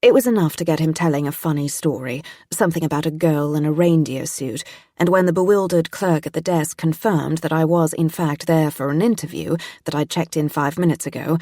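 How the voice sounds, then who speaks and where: A woman reading a mystery audiobook in a tense, steady first-person narration. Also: low-pitched, no room sound, clean studio sound.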